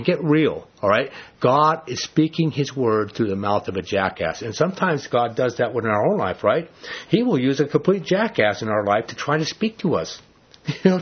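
A husky-voiced man delivers an expository sermon, retelling scripture with lively, joking energy. The recording sounds dull and lo-fi. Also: mid-range voice. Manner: animated storytelling, earnest and joking. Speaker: pastor.

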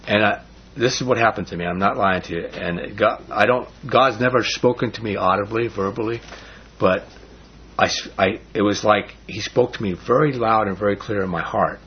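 A man's voice: lowish voice, normal speed, slight background noise. A middle-aged man leading a Bible study in an earnest, rambling, casual way, with frequent restarts. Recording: dull lo-fi recording.

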